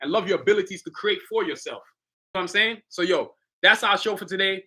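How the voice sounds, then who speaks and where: A man's voice: high-pitched, animated, quick pace, bright, forceful tone, slightly rough. A man hosting his own livestream, talking casually in a hyped, motivational, slangy way straight to his viewers. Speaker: livestream host, artist.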